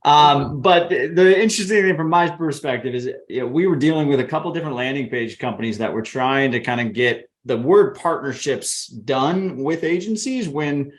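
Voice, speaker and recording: A man's voice: on the high side, expressive, normal speed, few pauses. A man hosting a podcast interview, asking long rambling questions with restarts over a video call. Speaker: podcast host. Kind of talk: casual interview chat.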